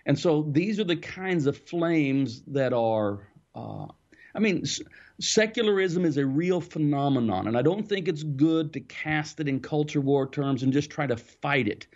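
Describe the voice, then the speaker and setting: A man's voice: fairly high pitch, lively intonation, a little slow. Thoughtful male author on a muffled line. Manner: thoughtful, storytelling, with occasional soft laughs. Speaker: author and interview guest. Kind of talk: reflective interview answers.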